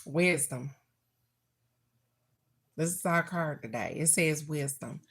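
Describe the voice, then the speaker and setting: A woman's voice: low voice, takes it slowly, fairly bright tone, breathy edge. A middle-aged woman doing a casual live-stream card reading, chatting bluntly and fondly with her viewers. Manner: chatty, talks straight to viewers, blunt and affectionate. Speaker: oracle card reader.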